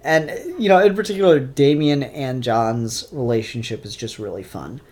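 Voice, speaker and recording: A man's voice: medium pitch, normal speed, a little mellow. A man casually reviewing comic books, rambling and opinionated with frequent fillers.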